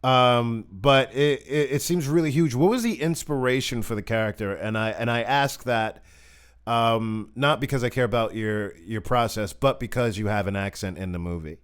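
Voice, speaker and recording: A man's voice: mid-range voice, normal speed, smooth. A man hosting a casual interview chat, asking rambling, joking questions with many restarts. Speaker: podcast host.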